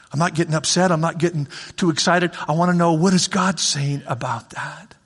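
A man's voice: on the high side, steady tone, a little fast, breathy edge. A man preaching a sermon as pastor, in a conversational way that repeats phrases for emphasis. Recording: long reverb of a large hall.

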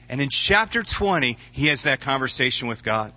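A man's voice: medium pitch, sing-song, normal speed, few pauses, bright, forceful tone, no echo. A man pastor preaching a sermon in an earnest, conversational way, often repeating words as he goes.

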